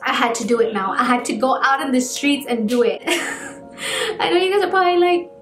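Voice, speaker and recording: A woman's voice: sits high, expressive, normal speed, fairly bright tone, soft background music. A woman in her twenties telling a personal story to her vlog audience in a chatty, casual way, full of fillers. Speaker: vlogger. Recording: echoey room.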